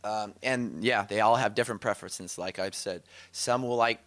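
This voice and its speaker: Bright, enthusiastic male teacher. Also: on the low side, moderate pace. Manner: enthusiastic storytelling, laughs often. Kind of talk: teaching session, anecdotal.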